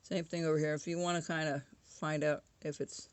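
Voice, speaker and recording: A woman's voice: deep voice, little pitch movement, brisk, no echo. A woman casually talking through a woodcarving tutorial at home, chatty and often correcting herself. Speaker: woodcarving instructor.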